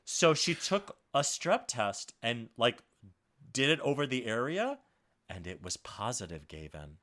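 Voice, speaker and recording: A man hosts a podcast and tells a story in loose, casual chat. His voice is bright and lively, with wide swings in pitch. He acts out each quoted line as he goes. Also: measured pace. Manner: animated, acts out quoted dialogue. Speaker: podcast co-host.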